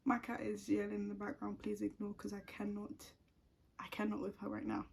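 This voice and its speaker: A woman's voice: medium pitch, monotone, fairly quick, creaky, darkish tone, slight background noise. A young woman telling a personal story at home in a chatty, casual way, full of "like" fillers. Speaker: vlogger.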